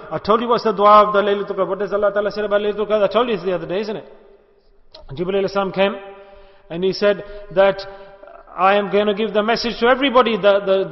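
A middle-aged man from the UK giving a sermon as a Sufi sheikh, telling a story and acting out the voices of the people in it. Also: high-pitched. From United Kingdom. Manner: storytelling, acts out quoted speech, exhorting. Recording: long reverb, dull lo-fi sound.

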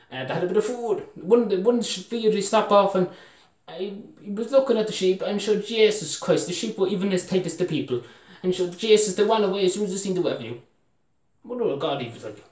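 Brief: young Irish man, lively up-and-down delivery, meandering comic yarn, roomy echoey room. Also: sits high, brisk. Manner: meandering, full of fillers like "sure, Jesus", chuckles at his own jokes. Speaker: storyteller. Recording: roomy echo, mic far off.

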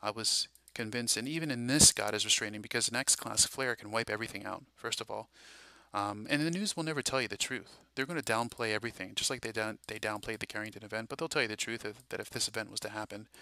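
A man talks through a loose, preachy monologue, eager and rambling, full of fillers. His voice is very bright and keen-edged. The sound is dry and close, as in a small room. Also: lowish voice, steady tone, fast, clear, resonant tone, dry recording. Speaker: Christian prophecy video host. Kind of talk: casual monologue.

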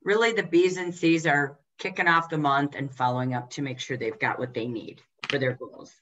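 A woman trainer giving a direct, emphatic coaching talk to team leaders, firing off quick rhetorical questions. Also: low-pitched, a bit bright, rough recording.

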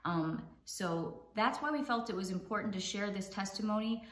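A woman's voice: mid-range voice, normal speed, roomy sound. A woman hosting a ministry talk, speaking in an earnest, encouraging way. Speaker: host.

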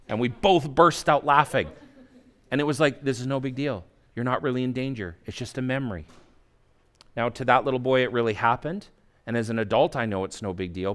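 A man in his forties, a pastor, telling a personal story in a sermon, acting out his own inner voice and swinging from quiet asides to loud outbursts. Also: mid-range voice. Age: 40s. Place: church.

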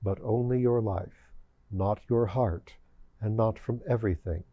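A man voicing a gentle, guileful demon priest who speaks softly and consolingly to an old friend in a storybook reading. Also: fairly low pitch, a little slow, no room sound, dull audio. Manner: soft, consoling.

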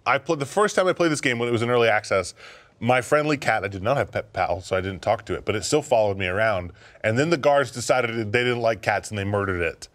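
Excitable swearing man chatting games. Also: lowish voice, fast, a little hiss or hum. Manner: excitable, swears freely, laughs often. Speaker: podcast co-host. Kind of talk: casual chat.

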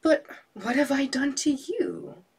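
A woman's voice: medium pitch, very animated, normal speed, husky, recorded from a distance. A woman voicing a poor, frightened male fisherman in a storybook reading, pleading in a raised voice.

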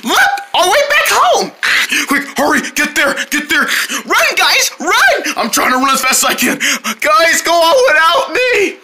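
A performer voicing a group of excitable young deer friends in a homemade cartoon, switching between several playful voices. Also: very high voice, moderate pace, slight background noise, heavily acted. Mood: panicked.

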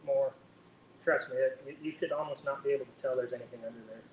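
A man helping out at a live cooking demo, chatting casually and cracking wry jokes about the recipe. He stands back from the mic, so his voice sounds distant in an echoey room with a faint rumble behind it. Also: fairly even intonation, fast talker, lo-fi sound. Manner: jokey, wry asides. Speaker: co-host cook.

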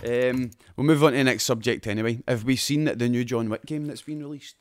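A man's voice: mid-range voice, steady tone, fairly quick, no echo. A Scottish man co-hosting a casual gaming podcast, sweary and reading news items aloud. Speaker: podcast co-host.

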